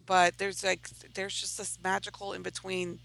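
A woman's voice: medium pitch, completely flat delivery, moderate pace, gravelly, fairly bright tone, rough recording. A woman comic artist chatting casually on a panel, rambling and self-mocking, with the odd swear.

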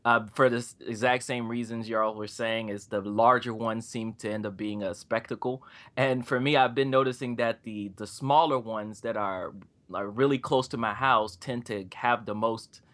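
A man with a drawl talks about comic conventions at an ordinary mid pitch. He hesitates and doubles back on his words. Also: steady tone, moderate pace, a bit bright. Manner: hesitant, repeats words, says y'all. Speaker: comic creator. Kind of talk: casual panel chat.

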